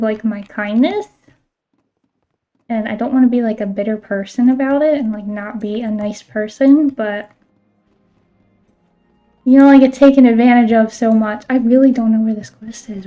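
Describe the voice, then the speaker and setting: A woman's voice: on the high side, warm tone, highs cut off. A woman streaming a game and chatting casually, filling her talk with "like" and the odd swear word. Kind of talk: casual chat while playing a game.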